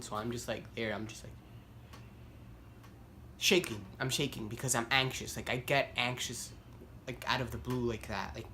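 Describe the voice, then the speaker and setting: A man's voice: mid-range voice, a little hiss or hum. Rambling young guy telling a story. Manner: rambling, heavy use of "like", self-deprecating; animated, voice climbs when worked up. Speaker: vlogger. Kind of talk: casual storytelling to camera.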